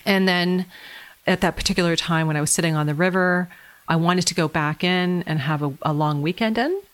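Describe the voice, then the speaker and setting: A middle-aged woman telling her life story as a podcast guest, animated and laughing often. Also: lowish voice, a little fast, clear, resonant tone. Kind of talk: conversational storytelling.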